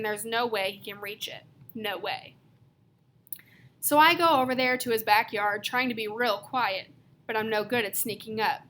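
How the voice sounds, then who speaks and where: A woman reads a novel aloud in a lively storytelling manner, shifting her emphasis from line to line. Her voice is bright and sits somewhat high. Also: slight background noise. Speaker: reader.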